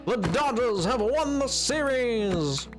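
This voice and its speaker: A man's voice: very high voice, animated, slow, over music, exaggerated voice. A man doing a hammy, theatrical 1950s male radio host, reading weather and sports news in an old-fashioned announcer delivery. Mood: announcing.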